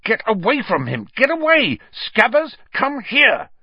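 A man voicing a panicky teenage boy wizard who hisses and shouts in a raised voice. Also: fairly high pitch, huge pitch swings, a little slow, husky, dry recording, muffled recording, pitched above the performer's own voice, full character voice. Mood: frantic. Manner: frantic, hissing, shouting.

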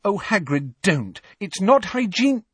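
A man voicing an earnest, clever teenage schoolgirl who speaks quietly and apologetically. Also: high voice, very animated, unhurried, slightly rough, dry recording, pitched above the performer's own voice, full character voice. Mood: eager.

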